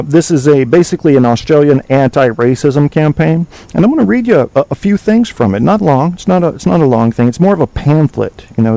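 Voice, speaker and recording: A podcast host delivers an opinionated call-in show monologue, lecturing bluntly, swearing freely and sometimes reading aloud from a web page. His voice is mid-range and dark, and the recording is rough.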